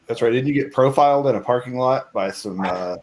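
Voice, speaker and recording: A man co-hosting a live stream, ribbing his guest with quick, teasing banter. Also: medium pitch, a little mellow. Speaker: co-host. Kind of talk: casual live-stream chat.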